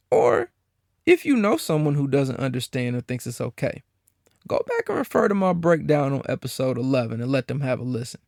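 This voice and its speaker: A man rants alone on his podcast, swearing freely and sounding openly incredulous. His voice sits a bit high and leaps around wildly in pitch. The close-mic recording is dry, with no room sound. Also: vocal fry, no echo. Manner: profane, animated, incredulous ranting with frequent laughs. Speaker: podcast host. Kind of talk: solo podcast rant.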